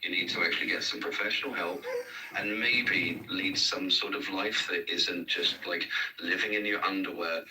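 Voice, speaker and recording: A man's voice: sits low, fairly even intonation, moderate pace, pushed and bright, far from the mic, slight background noise, rough recording. A man from England on a call, lecturing bluntly in a heated argument.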